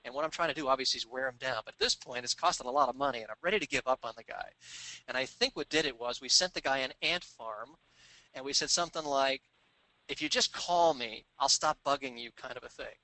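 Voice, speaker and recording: Male sales trainer, bright forceful tone, dry close recording, animated storyteller. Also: mid-range voice, fast talker, no echo, low-quality recording. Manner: animated anecdotes, acting out quoted voices. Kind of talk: storytelling business talk.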